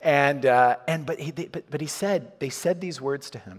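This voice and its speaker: A man's voice: fairly high pitch, normal speed, big-room sound. A man preaching a sermon in a church, chatty and informal, with frequent restarts and chuckles. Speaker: pastor. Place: church hall.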